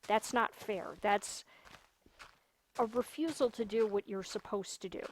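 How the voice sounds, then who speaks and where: A woman's voice: mid-range voice, a little slow, a little hiss or hum. Chatty woman venting while streaming. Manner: chatty, venting, repeats points with emphasis. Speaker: gaming livestreamer. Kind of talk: casual chat while streaming a game.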